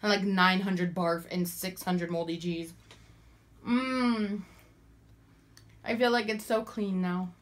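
A woman's voice: mid-range voice, fairly even intonation, slow, pauses often. A young woman hosting a casual vlog, chatty and giggly, with many fillers. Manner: giggly, chatty, full of likes. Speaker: vlog host. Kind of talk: casual chat.

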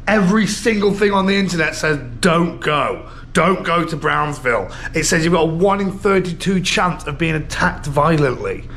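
High-voiced chatty British man, street noise. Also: expressive, normal speed, hardly any pauses. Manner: chatty, laughing, rambling. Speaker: travel vlogger. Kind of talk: casual vlog narration. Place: busy city street outdoors. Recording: loud street traffic behind.

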